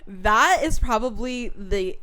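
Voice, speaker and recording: A woman's voice: fairly high pitch, lively intonation, takes it slowly, pushed and bright. A young woman co-hosting a book podcast, chatting casually and enthusiastically, laughing easily. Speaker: podcast co-host. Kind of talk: casual chat about books.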